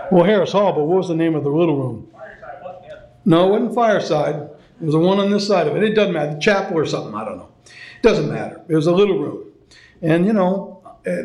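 A man's voice: on the high side, gravelly, mellow. A middle-aged man sharing a personal story at a recovery meeting, rambling with many fillers and restarts. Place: meeting room. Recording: echoey meeting room.

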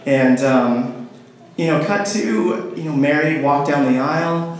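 A man's voice: fairly high pitch, a little slow, crowd noise. Man telling a story in a very echoey room. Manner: rambling, full of fillers and restarts; laughs often while telling. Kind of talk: personal storytelling. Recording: very echoey room, faint noise.

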